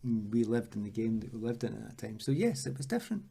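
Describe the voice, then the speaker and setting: In an interview, a Scottish man in his sixties who once played football spins lively stories, impersonating everyone he quotes. He talks fast in a lowish, creaky, husky voice.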